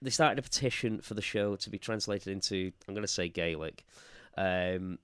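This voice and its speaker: This man has a deep, clear, resonant voice and talks at a moderate pace while co-hosting a podcast, laughing a lot in casual conversation. The audio is studio quality with no echo.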